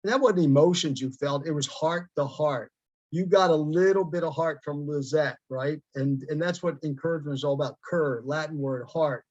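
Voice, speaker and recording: A man's voice: fairly high pitch, normal speed, darkish tone, dry recording, dull audio. A man speaking on a group call in an emphatic, preachy way, building his points on metaphors. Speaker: veteran group member. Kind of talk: motivational remarks on a group call.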